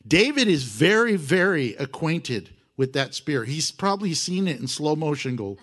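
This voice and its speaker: A man preaching a lively sermon, joking and dropping in playful sound effects. His voice sits high for a man and swings up and down constantly. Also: moderate pace, hardly any pauses. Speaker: pastor.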